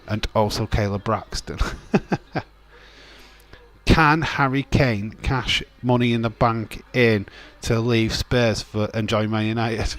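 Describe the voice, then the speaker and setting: A man's voice: lowish voice, fairly even intonation, takes it slowly, a bit bright. A man hosts a casual wrestling watch-along stream, joking with his chat, reading viewer comments aloud and laughing often. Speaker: livestream host.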